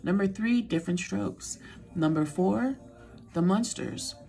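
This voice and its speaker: A woman's voice: mid-range voice, unhurried, creaky, mellow. A middle-aged woman chatting casually to her viewers, playful and talkative, sometimes dropping to a whisper. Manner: chatty, playful, sings along, drops to a whisper now and then. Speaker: vlogger. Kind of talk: casual weekly chat to viewers.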